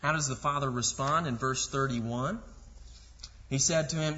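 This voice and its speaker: A man's voice: mid-range voice, measured pace, bright, forceful tone, a little hiss or hum. A man preaching a sermon, reading scripture aloud and explaining it with rhetorical questions. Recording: muffled voice with long hall reverb.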